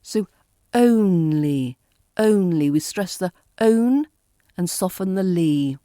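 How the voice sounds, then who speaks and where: A British woman with an RP accent coaches pronunciation in a very slow, deliberate way. She repeats each example word with care. Her voice is mellow and recorded dry and close, with no room echo. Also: medium pitch, lively intonation. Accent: southern British English, RP. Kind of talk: pronunciation lesson.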